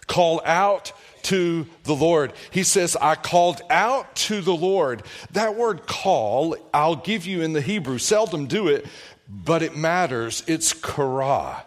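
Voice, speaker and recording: A man preaching a sermon as pastor, emphatic, his pitch swinging up and down with each point. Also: lively intonation, slow.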